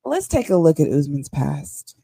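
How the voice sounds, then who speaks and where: A woman co-hosting a casual reality TV recap, talking in an animated, emphatic way. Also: sits low, normal speed, creaky, slightly rough. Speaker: co-host.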